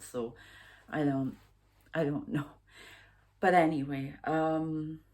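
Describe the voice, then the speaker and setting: A woman in her fifties, a psychic medium talking through a rambling, halting spiritual vlog monologue with hushed asides. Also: low voice. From United Kingdom. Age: 50s.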